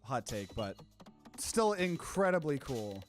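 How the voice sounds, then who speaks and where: Gamer voice, casual let's play chatter, gets panicky and repeats stuff, swears a bit, really animated. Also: mid-range voice, takes it slowly, soft background music. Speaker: gamer playing and commenting.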